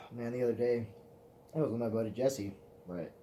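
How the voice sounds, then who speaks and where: A man's voice: medium pitch, moderate pace, mellow, a little hiss or hum. A man telling rambling, profane stories to the camera in a casual vlog, often laughing at himself. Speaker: vlogger.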